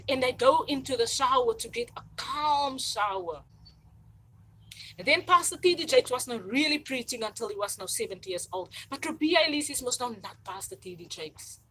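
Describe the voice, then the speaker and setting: A woman's voice: high voice, fairly bright tone, breathy edge, low-quality recording. A woman, hosting a livestream and talking in a rambling, repetitive, insistent monologue. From South Africa. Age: 40s. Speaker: channel host.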